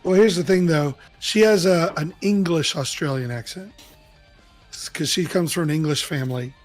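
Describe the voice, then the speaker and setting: A man's voice: fairly high pitch, normal speed, faint music behind. A man in casual chat, chatty and a bit boastful, often laughing. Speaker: podcast co-host.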